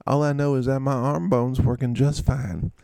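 A cocky young quarterback, drawling and bragging, as a man puts him on. The voice is gravelly and dry, loose and unbothered. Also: mid-range voice, level tone, normal speed, warm tone, no room sound, voice pushed up, close to an everyday voice. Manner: laid-back, boastful drawl. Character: cocky young male football quarterback, laid-back.

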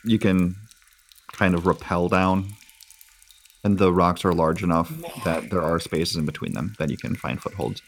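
A man with a very low voice guides his players as game master. He describes the scene casually, pausing on fillers as he goes. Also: steady tone. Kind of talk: narrating a tabletop game.

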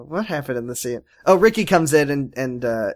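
A young man co-hosting a casual recap podcast, jokey and quick to break into laughter. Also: medium pitch, expressive. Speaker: podcast co-host.

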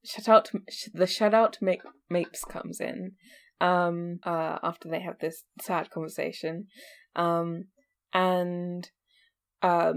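A woman's voice: fairly low pitch, vocal fry. A woman co-hosting a casual book podcast, chatty and given to laughing and casual swearing. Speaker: podcast co-host.

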